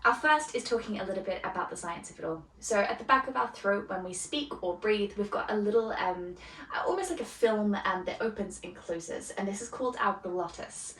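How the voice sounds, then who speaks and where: A woman guides a beginner yoga class in a calm, soft-spoken way, with gentle pauses between her cues. Her voice sits at a middle pitch. She is picked up from a distance in a roomy, echoey space with faint ambience behind her. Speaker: yoga teacher. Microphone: camera mic from a distance.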